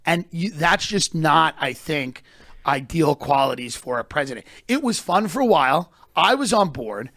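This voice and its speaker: A man with a fairly high voice tells comedic stories on a podcast, ranting and swearing with emphatic energy. His voice sits close and dry on the mic, with no room sound around it. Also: normal speed, creaky, dry recording. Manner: animated, emphatic ranting with profanity.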